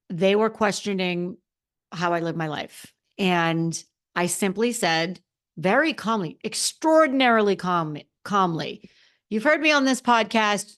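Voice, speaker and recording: A woman hosting a solo podcast as a confidence coach, talking emphatically with lots of repeated phrases and restarts. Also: medium pitch. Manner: self-described extrovert, expressive.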